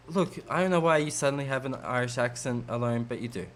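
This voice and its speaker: A man's voice: mid-range voice, sing-song, a little fast, hardly any pauses, faint music behind. A man hosting a let's play from a home streaming setup, making casual, joking and self-mocking commentary as he plays.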